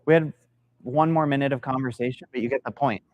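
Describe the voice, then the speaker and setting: Brief: middle-aged male sales mentor, mid-pitched, lively storyteller who quizzes his audience, dry close sound. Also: fast, no room sound, muffled recording. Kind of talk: live workshop talk to an audience. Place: meeting room with an audience.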